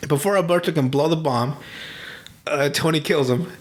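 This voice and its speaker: Laughing, profane young man recapping a movie. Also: fairly high pitch. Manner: laughing, profane, retells scenes with quick impressions. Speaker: podcast host.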